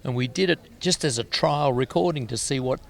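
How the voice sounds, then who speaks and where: Older Australian guest, chatty storyteller, self-mocking, medium pitch. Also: male voice, brisk, creaky. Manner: chatty anecdotal, laughs at himself. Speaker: guest musician. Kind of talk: casual interview storytelling.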